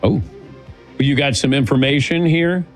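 A man's voice: medium pitch, measured pace, soft background music, rough recording. A man hosting a sports talk show, chatting casually and laughing often as he calls on his co-hosts. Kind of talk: casual radio show banter.

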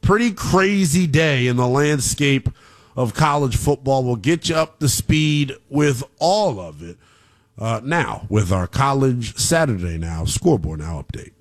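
A man hosting a live college football talk show, reading scores and chatting in a lively, sing-song way with casual fillers. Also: medium pitch, measured pace, no echo. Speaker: sports radio host. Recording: music bed under the voice.

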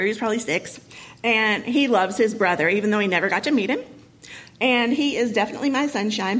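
A woman in her thirties with a husky voice, telling a painful personal story to an audience, emotional and halting, with many pauses and fillers. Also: on the high side, a bit bright, rough recording. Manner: emotional, halting, many ums and you-knows.

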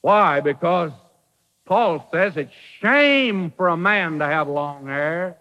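A man's voice: a little high, animated, slow pace, long reverb tail, lo-fi sound. A man preaching a sermon, emphatic, with rhetorical questions and dry humor.

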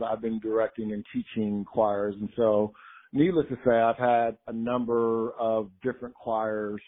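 A man who directs gospel choirs, speaking as an interview guest in a relaxed, reflective way and often checking in with "right?". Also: fairly low pitch. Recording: tinny phone-like line.

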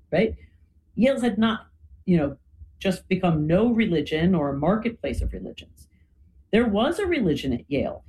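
A woman's voice: medium pitch, mellow, a little hiss or hum, poor audio. A woman explaining history in a conversational talk, often adding "you know" and "right?". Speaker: guest speaker.

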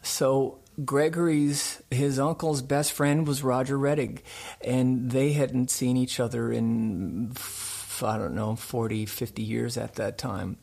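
A man who hosts a radio program, telling a folksy, rambling anecdote in relaxed conversation. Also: mid-range voice, takes it slowly, creaky. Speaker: radio show host being interviewed.

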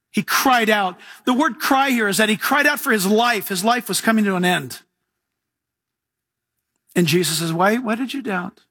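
A man preaching a sermon as pastor, telling stories with jokes and chuckles and mimicking other people in lively asides. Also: sits high, no room sound, studio quality.

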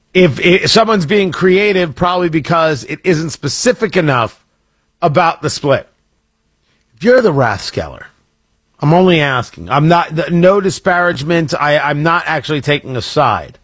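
Husky-voiced talk radio host. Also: male voice, a little high, a bit bright. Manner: conversational, stumbling restarts, wry asides. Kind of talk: casual talk radio commentary.

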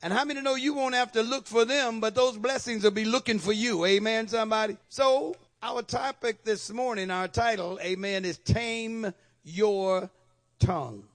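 A pastor preaching a Sunday morning sermon in church, calling on the congregation for amens. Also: male voice, very high-pitched, fairly even intonation, moderate pace, hardly any pauses, a bit bright. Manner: call-and-response preaching, asking for amens.

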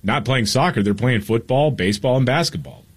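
A man co-hosting a talk radio show, speaking in a measured casual way with fillers. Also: mid-range voice, lively intonation, slightly rough. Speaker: co-host.

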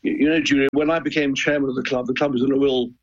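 A man's voice: mid-range voice, steady tone, rapid-fire, lo-fi sound. An older man, a former club chairman, talking as a guest on a radio discussion in an earnest, hesitant way, often repeating words.

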